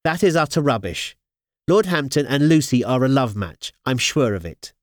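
A man voicing a calm young woman, a matchmaker, in an audiobook. She speaks in a matter-of-fact way. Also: medium pitch, moderate pace, no echo, studio quality, close to an everyday voice. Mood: composed.

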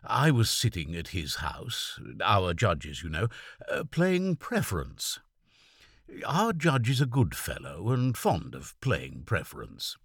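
A man's voice: fairly low pitch, huge pitch swings, slow, fairly bright tone, breathy edge, dry recording, clean studio sound, exaggerated voice. A man voicing a sensible middle-aged country doctor who talks freely with some humour, in a weak, quavering voice. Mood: chatty.

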